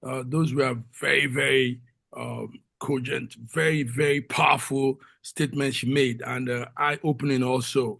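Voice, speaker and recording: A man giving halting remarks in an online meeting, full of fillers. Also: mid-range voice, fairly even intonation, vocal fry, fairly bright tone, no echo. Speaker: meeting participant. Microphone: video call.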